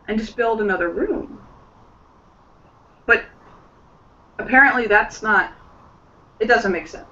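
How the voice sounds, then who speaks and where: A man's voice: extremely high pitch, lively intonation, normal speed, pauses often, pushed and bright. A man playing in an online tabletop role-play, who describes his character with many fillers and laughs often. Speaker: player. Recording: muffled voice chat from a distance.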